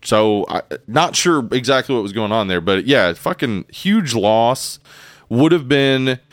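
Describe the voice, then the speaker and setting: A young adult man co-hosting a podcast, chatting casually in a relaxed, rambling way with many restarts. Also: medium pitch, measured pace, dry recording. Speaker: podcast co-host. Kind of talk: casual chat.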